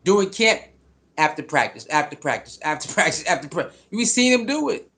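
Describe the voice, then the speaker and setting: A fired-up man rants about his football team, cursing and repeating himself to drive his points home. His voice sits high and swoops around constantly. He sounds like a commentator who is fed up. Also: big pitch swings, brisk, a bit bright. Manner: fired-up, profane, repetitive. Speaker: sports commentator. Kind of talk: heated sports commentary rant.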